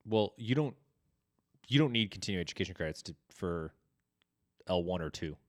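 A man's voice: low voice, lively intonation, moderate pace, no echo, clean studio sound. A young man co-hosting a casual podcast chat, swearing and telling stories with acted quotes. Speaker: podcast co-host.

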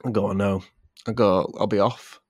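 A man co-hosting a podcast, improvising silly comic stories in a playful, animated way and often breaking into giggles. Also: on the low side, moderate pace, husky, no room sound, clean studio sound. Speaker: podcast co-host.

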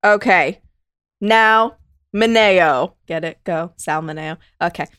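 A woman co-hosts a podcast in loose, joking chat, rambling through her tangents. Her voice sits a little low and the sound is dry and close. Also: slow pace, a bit bright, clean tone, no room sound. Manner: jokey, rambling, laughs often. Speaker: podcast co-host. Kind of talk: casual chat.

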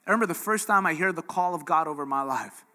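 Bright, energetic man preaching. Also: on the high side, fast talker, long reverb tail. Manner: energetic, conversational preaching with audience questions. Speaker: pastor. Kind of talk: sermon.

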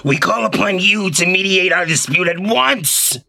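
A man's voice: sits high, expressive, normal speed, gravelly, sharp tone, faint music behind, voice pushed up, full character voice. A man voicing an alien eye-creature guardian that makes stiff, formal pronouncements.

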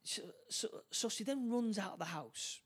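A man's voice: high voice, animated, slightly rough. A man chatting casually as he recaps a film plot, stumbling over restarts and acting out the characters' lines. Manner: halting, many restarts, acts out lines.

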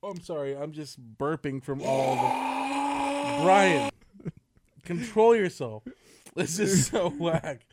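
A man co-hosting a casual comedy podcast, teasing and excitable, sometimes bursting into shouted bits. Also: high-pitched, takes it slowly, long pauses, over a noisy crowd. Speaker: podcast co-host.

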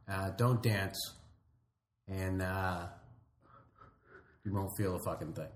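Lower-voiced man telling stories, roomy sound. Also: takes it slowly, pauses often. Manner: animated storyteller, acts out lines with comic emphasis. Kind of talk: casual chat. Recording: roomy echo with faint noise.

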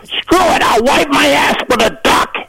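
A man doing a loud, shouted impression of a shrill, crude male comedian, much higher than his own voice. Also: a little slow, creaky, heavily acted. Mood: shrill, shouting. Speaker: guest.

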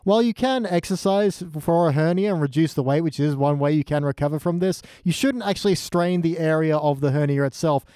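A man's voice: on the high side, brisk, hardly any pauses, dark tone, smooth, no echo, clean studio sound. A man in casual podcast chat, wry and mock-informative.

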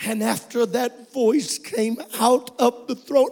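A man preaches in a church with a strikingly high voice, taking his time over every phrase. He often shouts or sings out his lines as he reads scripture to the congregation. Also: fairly even intonation, takes it slowly, gravelly, few pauses. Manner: preaching with shouted, sung-out passages. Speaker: pastor. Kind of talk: sermon.

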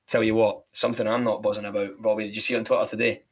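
A man's voice: on the low side, level tone, very fast, slightly rough. A man with a Falkirk and Glasgow Scottish accent, hosting a casual podcast and telling stories against himself in a chatty way. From Scotland. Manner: self-mocking, chatty storyteller. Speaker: podcast host.

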